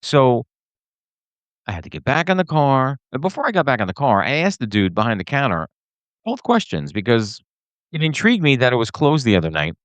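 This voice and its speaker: Talking fairly quickly in a mid-range voice, the man hosts a podcast with a casual, animated solo rant to camera, rambling with plenty of fillers and restarts. The recording is dry.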